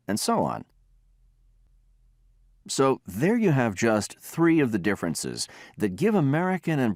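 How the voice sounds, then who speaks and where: A man lectures on language in an explanatory manner, saying sample words to show differences. His low voice swings very widely in pitch, and the recording is dry and close. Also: no echo. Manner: explanatory, demonstrates sounds by example.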